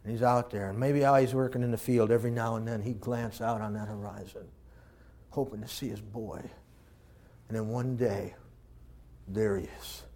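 A man preaching a sermon with strong emotion, swinging from loud exclamations to hushed, tender passages. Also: fairly low pitch, fairly even intonation, fairly quick, a little hiss or hum.

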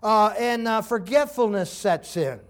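High-voiced older male preacher. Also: a little slow. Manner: animated, acts out quoted voices, laughs often. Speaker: pastor. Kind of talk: sermon.

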